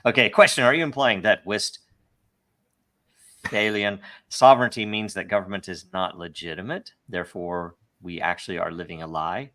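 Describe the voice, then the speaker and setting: In a low, somewhat bright voice at a moderate pace, a man hosting a podcast works through listener questions. He offers emphatic, rambling opinions and laughs often in this casual discussion.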